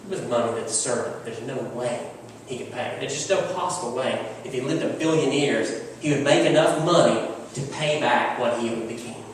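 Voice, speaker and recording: A medium-pitched male pastor preaches a little fast, telling stories with conversational emphasis. The microphone picks him up from far off in the church sanctuary, so the hall echoes and there's a little hiss or hum.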